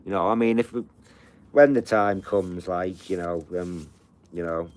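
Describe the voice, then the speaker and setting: Middle-aged man, deep low voice, loose sweary live-stream patter, rambling home chat. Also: unhurried, clear, resonant tone. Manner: casual, sweary, repeats fillers like "you know".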